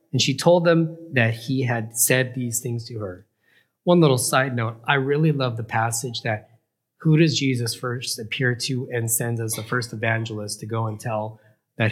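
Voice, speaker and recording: A man's voice: mid-range voice, a bit bright. A man teaching a Bible passage, retelling it with questions to his listeners and acting out the quoted lines. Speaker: preacher.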